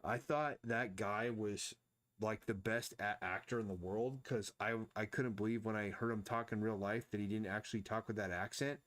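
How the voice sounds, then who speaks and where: A man's voice: fairly low pitch, steady tone, normal speed, fairly bright tone. A man thinking aloud and rambling casually while he draws on a live stream. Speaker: artist streaming his drawing.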